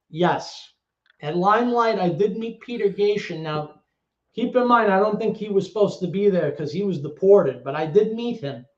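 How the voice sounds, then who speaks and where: Animated new york man, echoey dull sound. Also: high voice. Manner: animated, swearing storyteller with quick restarts. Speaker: guest, former club DJ. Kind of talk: casual storytelling interview. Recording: echoey room, dull lo-fi audio.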